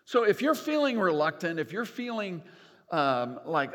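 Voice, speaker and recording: An older man delivers a sermon from a church stage, his slightly high voice swinging widely in pitch. He takes his time and speaks in a folksy, animated way with light humor. The sound carries a long reverb from the sanctuary. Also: normal speed. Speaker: pastor.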